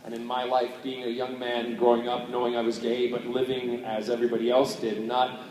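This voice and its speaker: At a convention panel in a large hall, a man answers fan questions in a playful, chatty way, laughing often. His medium-pitched voice has a darkish tone and a completely flat delivery at a fairly quick pace. He's picked up by a distant mic, so the hall echoes.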